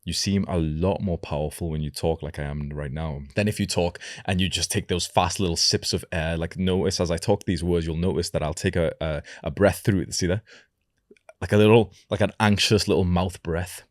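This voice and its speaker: A young man coaching viewers, talking slowly and deliberately and lowering the end of each sentence. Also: steady tone, no room sound, clean studio sound. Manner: slow, deliberate delivery with lowered sentence endings. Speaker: self-improvement coach. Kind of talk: advice talk to camera.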